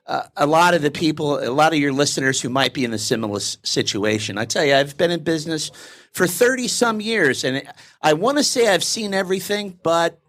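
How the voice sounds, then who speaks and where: A man's voice: a little high, expressive, brisk, fairly bright tone. A middle-aged man, a business consultant, telling a joke and acting out its voices during a live interview at a networking event. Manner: storyteller, acts out voices in a joke.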